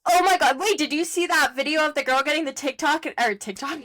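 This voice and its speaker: A woman's voice: high voice, fast, few pauses, a bit bright, no echo, studio quality. A young woman co-hosting a casual podcast chat over a video call, chatty and full of fillers and laughs. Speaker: podcast co-host.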